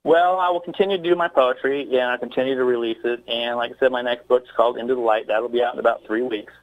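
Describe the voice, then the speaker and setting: Man, radio guest, reading his own poem, middle pitch, hesitant between lines. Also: steady tone, fast, narrow, tinny audio. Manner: hesitant, searching for words. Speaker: poet guest. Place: Texas, by phone into a radio show.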